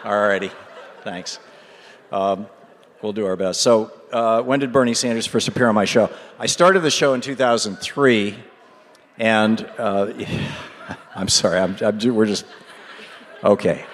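A middle-aged man, a radio host, telling a rambling, animated story with many fillers and laughs at a live event in a large hall. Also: lowish voice, a little slow, long pauses, slight background noise. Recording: long hall reverb.

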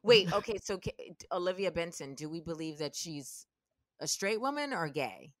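Playful female guest, very animated intonation, dry mic. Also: lowish voice, normal speed, no echo. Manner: playful, teasing. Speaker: podcast guest. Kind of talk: casual comedic chat.

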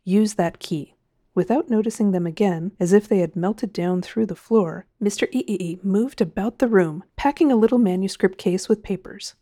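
A woman reading a science fiction story aloud in a measured, expressive way. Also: medium pitch, dry recording, clean studio sound. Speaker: narrator. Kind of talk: audiobook narration.

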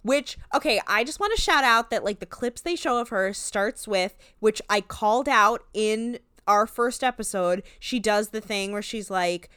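A woman co-hosts a casual podcast, rambling with lots of "like" and easy laughter. Her voice is smooth and clear, recorded close and dry with no room sound. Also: medium pitch, normal speed, few pauses, sharp tone, dry recording. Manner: chatty, lots of "like", laughs often. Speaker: podcast co-host. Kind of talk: casual chat recapping a reality show.

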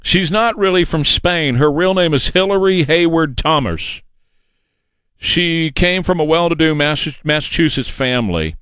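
A man's voice: fairly high pitch, animated, normal speed, a bit bright, clear, resonant tone, dry recording. A man hosting a political talk radio show, delivering an opinionated, emphatic and mocking monologue into a studio microphone.

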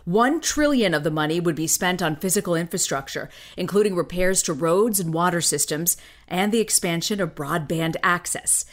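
A woman hosting a daily news podcast, reading the morning headlines in a crisp, measured way. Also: on the low side, animated.

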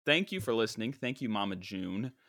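A young man talks through a casual podcast rant with a wry, self-mocking edge. His voice sits on the low side. The sound is dry and close, with no room around it. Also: expressive, brisk, a bit bright, dry recording. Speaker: podcast host. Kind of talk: casual monologue.

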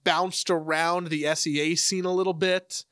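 A man interviewing a guest in a relaxed, curious and teasing way. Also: a little high, normal speed, smooth, dry recording, clean studio sound. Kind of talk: casual interview chat.

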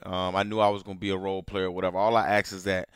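A man with a smooth, resonant, fairly low voice talks in a casual, excitable podcast chat and rises in pitch and volume when worked up. He is close on a dry mic. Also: very fast, no room sound. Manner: excitable, laughs loudly, gets louder and higher when worked up. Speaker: podcast co-host.

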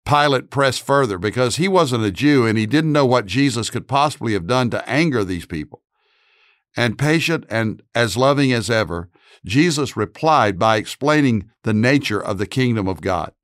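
A man's voice: medium pitch, expressive, moderate pace, a bit bright, dry recording, studio quality. A man giving earnest, explanatory commentary on scripture. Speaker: Bible teacher.

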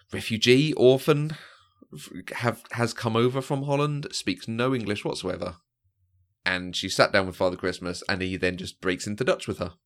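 This podcast co-host's voice sits low with a slightly bright quality. Talking loosely about a movie, he stumbles through plenty of fillers and laughs frequently.

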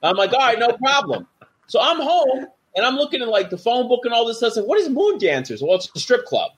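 With a very high voice and a brisk delivery, a middle-aged ex-wrestler recounts backstage stories casually. He acts out quoted voices in an animated way.

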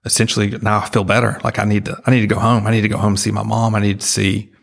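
Low flat gravelly guy telling his story, husky, lots of restarts and ums. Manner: halting, full of restarts and fillers; earnest, emotional retelling. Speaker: guest. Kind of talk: personal storytelling in an interview.

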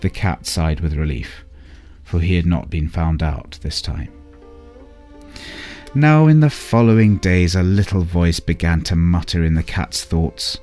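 A man narrating a bedtime story in a calm, unhurried way. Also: low voice, faint music behind.

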